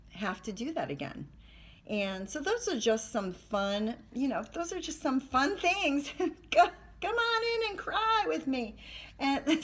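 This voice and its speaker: A middle-aged woman fitness coach talking casually to camera, telling stories animatedly with asides. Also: lowish voice. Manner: animated storytelling with laughs and asides. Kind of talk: casual video talk to camera.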